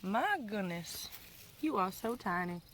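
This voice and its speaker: A woman's voice: medium pitch, expressive, slow pace, a bit bright, a little hiss or hum. A woman working as a land steward, chattering and cooing at animals she meets outdoors on the trail. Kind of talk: casual walking vlog.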